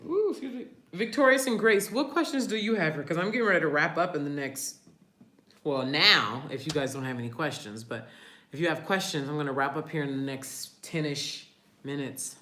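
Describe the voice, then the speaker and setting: A woman's voice: low-pitched, lively intonation, brisk, a bit bright, roomy sound, a little hiss or hum. A woman hosting a casual live stream, chatting with viewers, reading their comments aloud and laughing often. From family from New Orleans. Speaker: livestream host.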